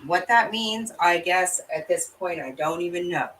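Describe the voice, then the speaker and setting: A woman's voice: lowish voice, moderate pace, a bit bright, distant mic, a little hiss or hum, poor audio. A woman hosting a live stream, chatting casually with her viewers in a blunt, profane way and laughing easily. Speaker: livestream host. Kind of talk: casual chat reacting to viewer comments.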